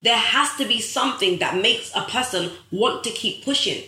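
Young woman, live-stream motivational host, repeats lines for emphasis, bright tone. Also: on the high side, expressive, moderate pace, echoey room. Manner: preachy, emphatic, repeats phrases for effect; addresses viewers directly as guys.

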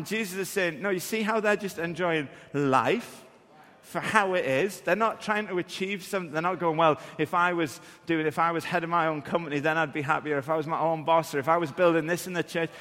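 Man, pastor, sermon, high voice, long hall reverb. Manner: storytelling, animated, with laughs.

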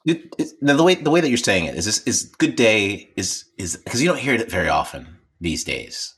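Husky-voiced man telling a rambling story. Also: on the low side, sing-song, a little fast, fairly bright tone. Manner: rambling storyteller with many restarts. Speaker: podcast co-host. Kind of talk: casual chat.

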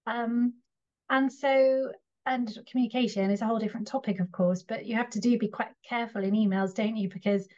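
A woman's voice: fairly high pitch, fairly even intonation, a little fast, a little mellow. A woman hosting a podcast interview, encouraging her guest and asking follow-up questions with occasional fillers. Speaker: podcast host. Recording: slightly dull lo-fi sound.

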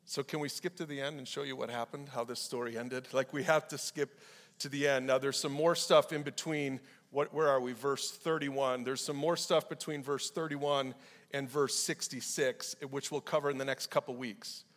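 A man preaching a casual, animated youth sermon, acting out the people in the story in quick voices. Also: mid-range voice. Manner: animated, acts out quoted voices. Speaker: pastor. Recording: hall reverb.

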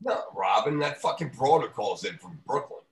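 A man's voice: mid-range voice, very animated, normal speed, over a noisy crowd. A man ranting profanely in a casual podcast chat. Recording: roomy echo.

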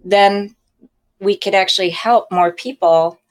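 A middle-aged woman, an author and podcast co-host, speaking frankly in an interview with halting restarts. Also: medium pitch. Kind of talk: candid conversational interview.

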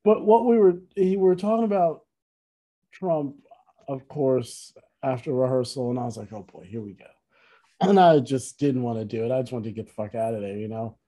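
A man with a mid-range voice, a podcast co-host and musician, tells a story at a normal speed in casual conversation. His animated retelling rambles, with lots of restarts, asides, and self-corrections.

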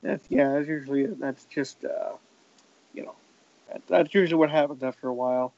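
A man's voice: on the high side, normal speed, gravelly, darkish tone, no echo, lo-fi sound. A man co-hosting a casual podcast, rambling with fillers and restarts.

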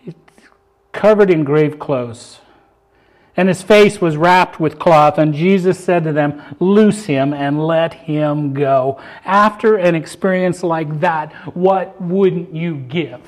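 An older male pastor with a fairly high voice delivers a sermon to his congregation. He swings from loud, climbing emphasis down to soft, thoughtful musing as he reads and explains scripture. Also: slow pace.

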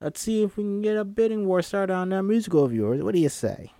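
A man voicing a salty, old-school woman agent in her fifties who talks fast and pushy. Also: high-pitched, vocal fry, mellow, no room sound, clean studio sound, pitched above the performer's own voice. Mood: brassy, pushy.

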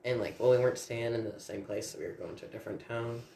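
A man telling stories in a casual chat as a guest, animated and swearing freely. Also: medium pitch, quick pace, gravelly. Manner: animated, profane storytelling. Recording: echoey room with faint background hum.

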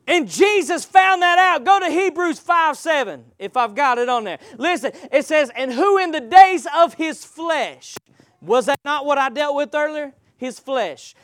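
A man with a strikingly high voice preaches with fervor, calling out questions for the congregation to answer. He rises to loud peaks, then drops to near-whispered passages. The sound is dry and close, with no room echo. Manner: impassioned, swings from loud to hushed, asks the congregation questions. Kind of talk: live sermon with call-and-response.

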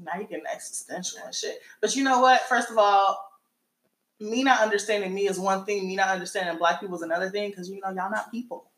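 A woman's voice: mid-range voice, steady tone, fast talker, fairly bright tone. A woman co-hosting a podcast in casual chat, blunt and joking, swearing as she tells stories. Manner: blunt, joking, profane storyteller. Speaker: podcast co-host. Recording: echoey room.

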